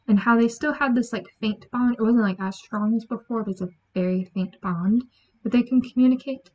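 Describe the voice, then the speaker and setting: A woman giving a chatty, animated book review, acting out lines from the story. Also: fairly high pitch, brisk. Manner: chatty, animated, acts out quotes. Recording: dull lo-fi sound.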